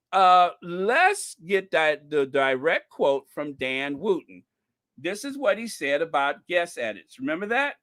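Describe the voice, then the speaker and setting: A man hosting a royal gossip commentary, slow and deliberate with a very lively, swooping pitch. He mocks his targets and breaks into high sarcastic squeals. His voice sits dry and close to the mic. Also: no room sound. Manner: mocking, animated, jumps into high sarcastic squeals. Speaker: channel host. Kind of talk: casual commentary monologue.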